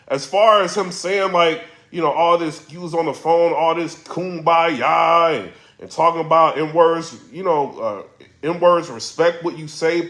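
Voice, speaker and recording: A man blogging about the battle rap scene in a casual commentary vlog, telling stories in a slangy, animated way. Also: on the high side, echoey room.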